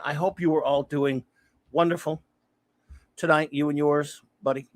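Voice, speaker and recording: In a fairly high male voice at a moderate pace, a host chats casually on a livestream, reading messages aloud and greeting viewers by name as he rambles. No echo can be heard.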